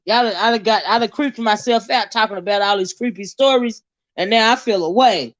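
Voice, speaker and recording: A woman's voice: a little high, brisk, no room sound, dull audio. A woman, chatting casually to her viewers, talkative and laughing often. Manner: chatty, laughs a lot, drawls "child" and "y'all". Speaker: vlogger.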